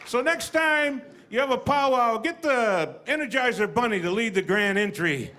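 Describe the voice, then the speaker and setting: A man performing a stand-up comedy routine, telling stories and acting out voices with deadpan punchlines. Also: very high-pitched, normal speed. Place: comedy stage with live audience. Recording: live audience, noisy room.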